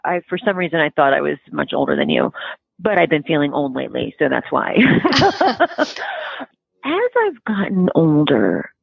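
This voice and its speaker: A low-pitched, gravelly, breathy voice with huge pitch swings comes at a normal speed, with no echo, through a tinny, dry phone-like line. It belongs to a frank, blunt, philosophical relationship expert in her forties chatting casually as an interview guest.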